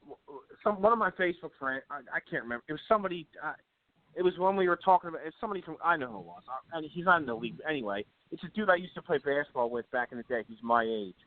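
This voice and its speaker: A man with a slightly high voice talks loosely over a thin, phone-like line. He circles back and restarts his sentences, packing them with fillers as he chats. He sounds like a regular sports-talk guest. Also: expressive, very fast, dry recording. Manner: rambling, many fillers and restarts. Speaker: radio show guest. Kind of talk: casual sports chat.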